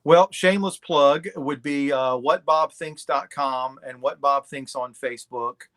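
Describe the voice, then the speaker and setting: A man's voice: mid-range voice, a little slow, fairly bright tone. A middle-aged man talking candidly and bluntly as a guest in a casual interview. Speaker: podcast guest.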